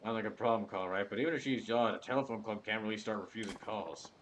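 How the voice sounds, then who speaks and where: Man putting on a gruff male hero, lowered voice, dry, reluctant. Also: fast, a bit bright, slight background noise, lightly acted. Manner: dry, reluctant, low-key.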